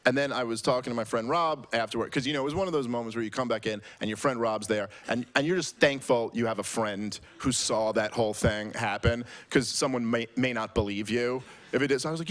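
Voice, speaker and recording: A man in his thirties telling a comic story to a live audience, animated and building to loud, exasperated rants. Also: mid-range voice, a little fast, few pauses. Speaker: speaker telling a story on stage.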